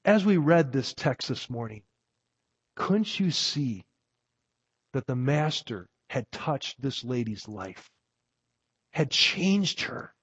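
A man preaching a sermon in a slow, emphatic way, letting his voice swell on key phrases. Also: medium pitch, very animated, a bit bright, slightly rough, no echo. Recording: dull lo-fi recording.

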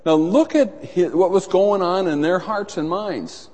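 Middle-aged pastor guy preaching, kinda high voice, lots of reverb. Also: unhurried. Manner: animated storytelling, acts out voices in anecdotes. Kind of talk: sermon. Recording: long reverb in a large hall.

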